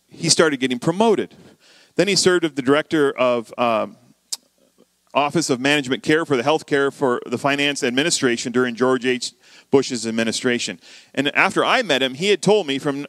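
A man preaching a sermon, telling a story and acting out the dialogue with lively shifts of voice. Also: mid-range voice, dry recording. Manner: animated, acts out quoted dialogue.

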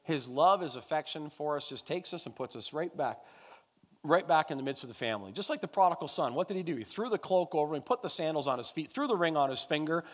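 Fast, expressive, and on the high side, this pastor's fairly bright voice fills a church hall with long reverb. During the service he preaches and leads prayer, calling out to the congregation in an emphatic, repetitive way.

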